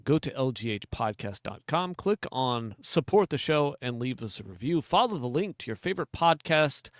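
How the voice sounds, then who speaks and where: A man's voice: medium pitch, very animated, moderate pace, no room sound. Man explaining ammunition, dry sound. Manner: explains hunting cartridges in detail. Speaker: podcast co-host. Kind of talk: casual chat.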